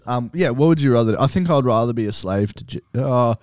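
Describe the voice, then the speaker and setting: A man's voice: medium pitch, expressive, brisk, a little mellow, dry recording. A young man co-hosting a casual podcast, jokey and loose, often laughing and swearing. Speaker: podcast co-host. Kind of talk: casual chat.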